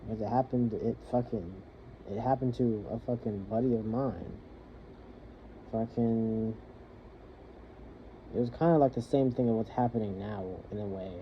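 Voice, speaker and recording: A young man in the military venting about his partner and family in a rambling, halting monologue, swearing freely. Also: lowish voice. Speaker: soldier venting. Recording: muffled lo-fi with faint hiss.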